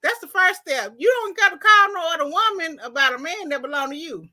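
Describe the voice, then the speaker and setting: Woman, podcast host, casual chat, high voice, animated storyteller. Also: brisk. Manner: animated storyteller who reads quotes dramatically.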